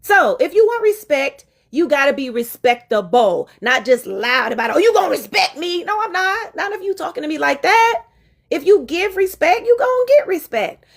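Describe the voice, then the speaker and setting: A woman's voice: sits high, big pitch swings, moderate pace. A woman giving a live-stream relationship talk, emphatic and preachy, speaking straight to her viewers in casual slang.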